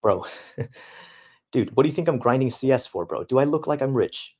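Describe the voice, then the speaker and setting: A man's voice: medium pitch, lively intonation, normal speed, a little mellow. A young man streaming live, talking casually and reading out chat in a laid-back, slangy way full of dude and bro.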